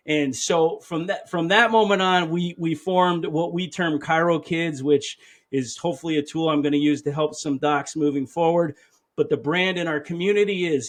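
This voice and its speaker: A man's voice: a little high, normal speed. Earnest middle-aged man telling a story. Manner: earnest, emotional storytelling, quotes himself often. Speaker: chiropractor guest. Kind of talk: storytelling interview answer.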